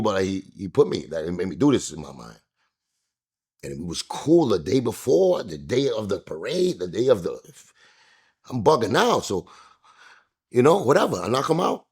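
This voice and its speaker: A husky, fairly low-voiced man tells a story in a sit-down interview. His pitch swings widely as he acts out the voices of the people in it, jumping high and loud for the quotes. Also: very animated, moderate pace. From New York. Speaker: interview guest. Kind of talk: animated storytelling.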